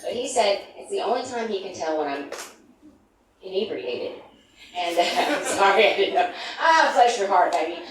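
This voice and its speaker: A woman's voice: mid-range voice, lively intonation, normal speed. A middle-aged woman from the United States doing a stand-up comedy set, rambling through self-deprecating asides. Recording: echoey room from far, noisy.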